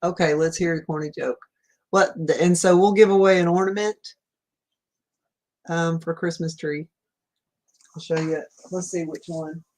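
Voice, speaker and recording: A woman's voice: fairly low pitch, steady tone, normal speed, long pauses, a little mellow. A woman with a Southern US accent hosting a casual livestream, chatting in a rambling way, laughing often and reading viewer comments aloud. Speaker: livestream host. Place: home room at night.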